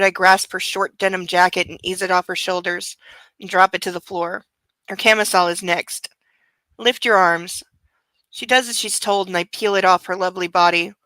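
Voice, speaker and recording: A woman reading aloud as a smug young male billionaire who narrates his own desires, lingering on lines with breathy, drawn-out emphasis. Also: medium pitch, pushed and bright, dry recording, natural voice, rough recording. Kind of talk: dramatic reading of a novel.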